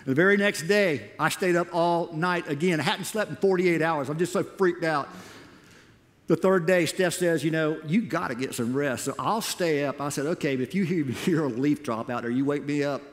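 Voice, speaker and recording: A man preaching to a church, telling his own missionary story in an animated way and acting out what he once said. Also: on the high side, normal speed. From United States. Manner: animated, acts out his own past words. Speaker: missionary speaker. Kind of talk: sermon storytelling. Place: church auditorium. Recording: long reverb in a large hall.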